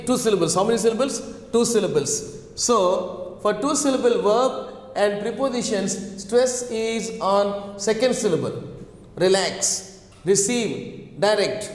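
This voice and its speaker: A man teaching a pronunciation lesson, speaking slowly and repeating words as he drills the class with questions. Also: sits high, a little mellow. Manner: slow, repetitive, drills words and asks questions. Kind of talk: online English pronunciation lesson. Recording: echoey room with long reverb.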